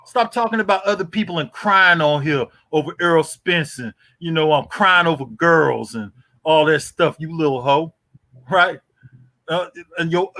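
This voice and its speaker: A slightly high, bright, forceful male voice comes from a boxing YouTube host in his forties. He mocks a rival during his livestream with profane, repetitive ranting, saying "boy" and "you hear me" over and over.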